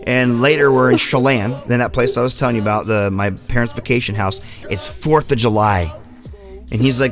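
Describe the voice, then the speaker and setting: A man hosting a casual chat show, telling a story in a relaxed way and acting out other people's lines in raised voices. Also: medium pitch, normal speed, faint music behind. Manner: animated, acts out friends' lines in raised voices. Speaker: podcast host.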